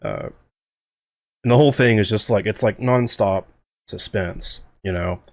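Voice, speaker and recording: A man talking through his own series in a casual director commentary, excitable and rambling, with lots of fillers and restarts. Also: fairly low pitch, a little slow, dry recording, studio quality. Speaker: series creator and co-host.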